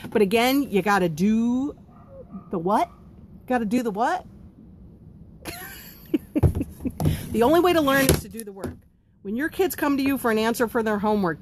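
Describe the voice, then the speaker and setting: A woman's voice: mid-range voice, darkish tone, a little hiss or hum. A woman hosting a live stream about running a home baking business, answering viewer comments in a blunt, chatty way with lots of ums. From not from Pennsylvania.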